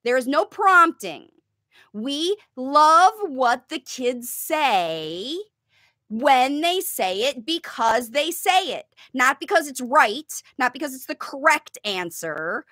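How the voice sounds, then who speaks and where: A woman's voice: sits high, big pitch swings, slow pace, bright, forceful tone, dry recording, studio quality. A woman coaching parents on how to help their child learn to talk, teaching emphatically and answering viewer questions. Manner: emphatic, demonstrates sing-song parent talk. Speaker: parent coach, speech facilitation.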